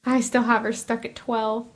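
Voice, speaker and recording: A woman in her twenties hosting a solo podcast, chatting casually with rambling asides and frequent laughs. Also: on the high side. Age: 20s. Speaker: podcast host.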